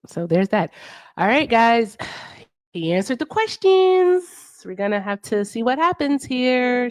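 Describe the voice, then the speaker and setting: A woman with a medium-pitched, darkish voice and no room sound hosts a casual livestream. She questions callers bluntly and teasingly while talking straight to her viewers.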